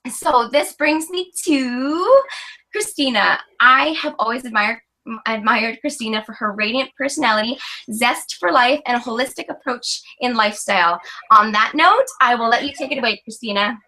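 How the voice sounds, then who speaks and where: A woman's voice: a little high, a little fast, pushed and bright, poor audio. A woman in her thirties giving an earnest, emotional personal testimony as a guest coach on a webinar.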